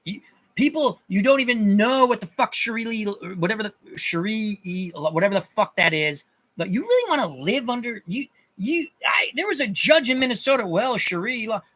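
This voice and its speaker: An angry man rants to his viewers in a high, bright voice. He swears a lot, restarts sentences and hammers the same point again and again. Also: very animated, normal speed. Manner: angry, profane, repeats himself in bursts. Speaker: channel host. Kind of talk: ranting monologue to viewers.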